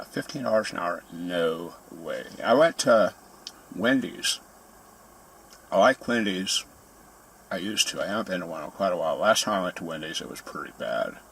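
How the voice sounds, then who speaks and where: A man's voice: sits low, vocal fry, fairly bright tone, slight background noise. A man telling grumbling, sarcastic stories in a casual ranting monologue. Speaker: vlogger.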